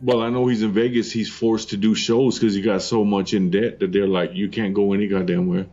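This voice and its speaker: A man's voice: lowish voice, flat delivery, mellow, highs cut off. Brash man riffing on a podcast. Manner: brash, crude, quick comic riffing. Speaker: podcast co-host. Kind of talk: casual chat.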